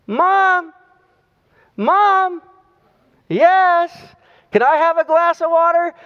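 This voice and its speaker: Little boy at bedtime, pestering and whiny, put on by a preacher, high and thin, dull hall sound. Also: extremely slow, full character voice. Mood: pleading. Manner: whiny, repetitive calling out.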